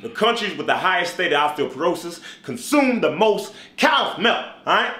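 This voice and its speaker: A young man hosting a comedic cooking show, talking in a playful, energetic way. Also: high-pitched, moderate pace, background noise. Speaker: comedian host. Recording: echoey room, light music.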